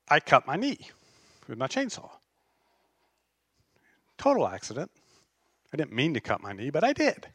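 A man preaching a sermon as pastor, conversational and animated, telling stories with self-deprecating humor. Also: on the high side, dry recording.

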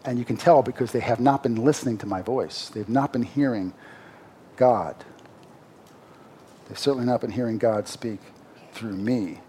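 A man's voice: medium pitch, normal speed, long pauses, mellow, slight background noise. A man preaching a sermon, explaining a Bible passage in a conversational way and rising emphatically when he reads the verses.

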